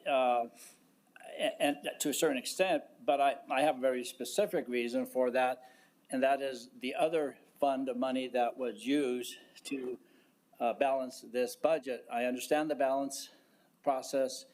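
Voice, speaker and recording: A county commissioner speaking at a public board meeting, halting and deliberate, with frequent fillers and restarts. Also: male voice, mid-range voice, fairly even intonation, darkish tone.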